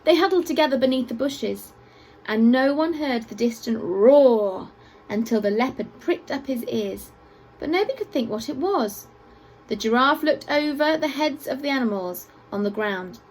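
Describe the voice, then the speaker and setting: A woman teacher reading a picture book aloud to children at a school assembly, with expressive storytelling and playful asides. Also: high-pitched, moderate pace, poor audio.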